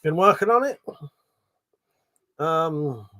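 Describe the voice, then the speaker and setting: A man's voice: on the high side, animated, takes it slowly, sharp tone. Swearing man on a livestream. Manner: rambling, swears freely, reads chat aloud. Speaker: livestream host. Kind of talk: casual live chat.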